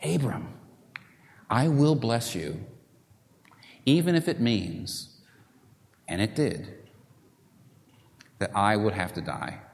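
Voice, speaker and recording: Male preacher, dramatic sermon delivery, very animated pitch, long hall reverb, loud appeals and hushed drops. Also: slow pace, pauses often.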